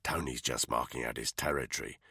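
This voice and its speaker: A man's voice: very deep voice, a little fast, pushed and bright, slightly rough, dry recording, clean studio sound, voice pushed down, full character voice. A man voicing a blunt, level-headed soldier in an audiobook.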